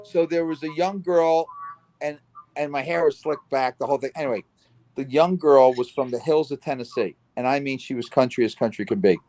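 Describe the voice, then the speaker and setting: A middle-aged man from New Jersey hosting a casual chat, telling stories in a lively way and acting out the voices of the people in them. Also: mid-range voice, brisk. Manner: animated storyteller, acts out quoted voices. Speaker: host.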